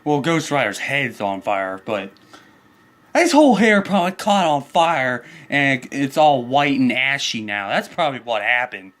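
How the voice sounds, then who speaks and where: A man's voice: mid-range voice, sing-song, measured pace, fairly bright tone. Guy ranting mad at his neighbor, swearing nonstop, voice jumping all over the place. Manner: crude, heated, swearing constantly. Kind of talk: angry profane rant.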